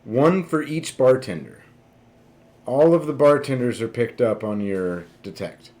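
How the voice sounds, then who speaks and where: Slow, lively game master, man. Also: medium pitch. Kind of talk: narrating a tabletop game.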